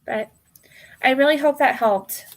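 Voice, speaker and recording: An American woman runs a live tarot reading stream, speaking directly to her viewers in a voice slightly higher than average. Unhurried, casual and apologetic, she laughs a lot and calls people hon as she works through her list.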